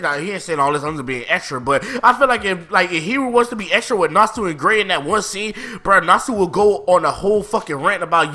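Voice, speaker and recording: A young man casually reviewing manga chapters, animated and excitable, full of slang and swearing. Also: high voice, quick pace, hardly any pauses. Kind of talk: casual chat.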